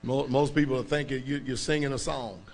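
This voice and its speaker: A man's voice: medium pitch, fairly even intonation, normal speed, a little mellow. A man, a pastor, preaching a sermon in an emphatic, colloquial way and checking in often with his congregation. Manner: colloquial, informal speech.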